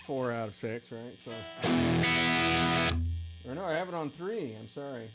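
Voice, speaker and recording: A man's voice: medium pitch, expressive, measured pace, loud music behind the voice. A tired, middle-aged man hosting a casual gear-shop livestream, chatty and rambling with self-deprecating asides.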